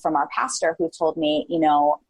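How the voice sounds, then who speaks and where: A woman in her forties, a podcast guest, talking in a casual and animated way with lots of "like" fillers, often acting out her own past thoughts. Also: sits low, normal speed, slightly rough, dry recording, low-quality recording. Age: 40s. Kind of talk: casual interview chat.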